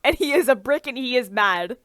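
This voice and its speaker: A woman's voice: on the high side, lively intonation, brisk, fairly bright tone, no echo. A woman co-hosting a casual chat, talking with eager enthusiasm and many restarts. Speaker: podcast co-host.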